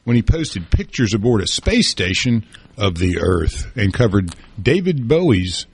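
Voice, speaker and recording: A man talks sports on a morning radio show in a folksy, rambling way. His voice is a little husky and swings up and down a lot in pitch, and the studio sound is dry and close. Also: very animated, a little slow, no echo. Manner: chatty and folksy, with many fillers and restarts. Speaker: radio co-host. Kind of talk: casual sports chat on talk radio.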